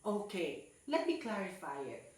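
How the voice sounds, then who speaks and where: A woman teaching a class live, her pitch leaping high as she coaxes students to ask and answer. She speaks slowly and deliberately. The sound is echoey and distant, picked up by a camera far off in the classroom. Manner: animated, coaxing questions to students.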